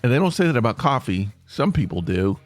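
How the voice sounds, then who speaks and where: A man's voice: medium pitch, very animated, a little fast, soft background music. A man hosting a podcast, rambling on in a chatty way with playful asides. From United States. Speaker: podcast host. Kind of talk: casual solo podcast monologue.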